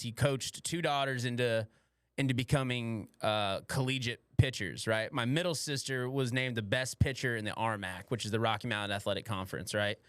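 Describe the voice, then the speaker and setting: This is a man in his twenties hosting a casual, crude podcast. He speaks at an average pitch, close to the mic, with no room sound, and he rambles through stories with plenty of swearing. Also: a bit bright, smooth, dry recording. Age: 20s. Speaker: podcast host.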